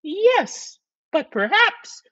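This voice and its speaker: A man's voice: very animated, very slow, lo-fi sound, exaggerated voice. A man putting on a fluty, hesitant first lady. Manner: high fluty voice, gentle and hesitant. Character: anxious first lady, polite and hopeful.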